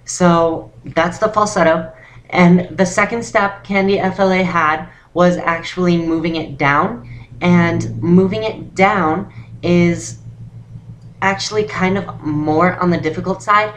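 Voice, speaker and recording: Young woman, lowish voice, casual rambling vlog-tutorial delivery. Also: measured pace, a little hiss or hum. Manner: rambling, full of "um" and "actually". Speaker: voice training vlogger.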